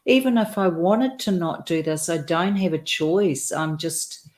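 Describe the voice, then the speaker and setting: Slow, low-voiced, deliberate woman. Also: darkish tone. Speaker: guest. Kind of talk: conversational interview.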